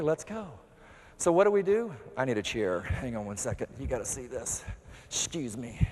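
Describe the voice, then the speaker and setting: A man giving a keynote speech as a motivational speaker, telling stories with lively acted-out dialogue. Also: mid-range voice, brisk, long reverb tail. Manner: animated storyteller, acts out dialogue. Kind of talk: keynote speech to a live audience.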